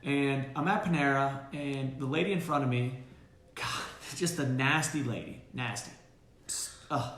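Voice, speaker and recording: A man, a dog trainer hosting a casual live Q&A, who talks in an animated, storytelling way full of fillers and restarts. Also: mid-range voice, unhurried. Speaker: dog trainer and show host. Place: boarding kennel room. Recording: roomy kennel room.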